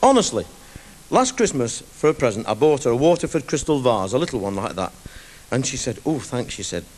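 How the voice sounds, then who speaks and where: A man's voice: medium pitch, very animated, a little fast, a little mellow. A man with a Manchester accent telling rambling, comic stories as a stand-up comedian, live in front of an audience. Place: live venue before an audience. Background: audience laughter.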